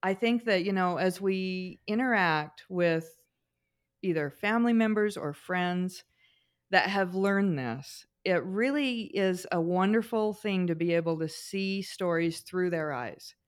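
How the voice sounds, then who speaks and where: A middle-aged woman with a somewhat low voice co-hosts a casual podcast. She tells family stories at length, with plenty of fillers and restarts along the way. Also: a little slow. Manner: warm storyteller, frequent fillers and restarts. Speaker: podcast co-host.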